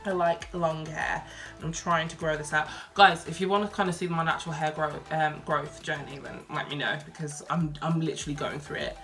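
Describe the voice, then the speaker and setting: A young woman from Birmingham with a softened Brummie accent, chatting casually through a Q&A vlog, reading each question aloud and answering with lots of ums and likes. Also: low-pitched, fairly even intonation, fairly quick, faint music behind. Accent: Birmingham English, softened. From Birmingham, England. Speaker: vlogger.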